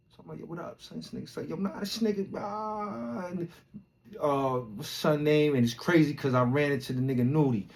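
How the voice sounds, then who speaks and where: A man from Brooklyn, a podcast host telling a rambling, animated, slang-heavy story full of swearing. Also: mid-range voice, slight background noise. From Brooklyn, New York. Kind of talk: casual storytelling.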